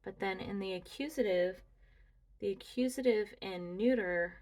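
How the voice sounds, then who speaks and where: A woman slowly talking through a grammar review lesson, musing aloud as she walks through her slides. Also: medium pitch, darkish tone. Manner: deliberate, talks through slides, muses aloud. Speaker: student reviewing Greek grammar.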